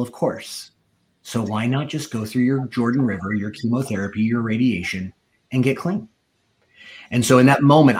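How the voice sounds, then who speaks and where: A man telling his own story in a sermon, acting out the quoted voices as he goes. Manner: storytelling, acts out quoted voices with rising pitch. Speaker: preacher giving testimony. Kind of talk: sermon testimony.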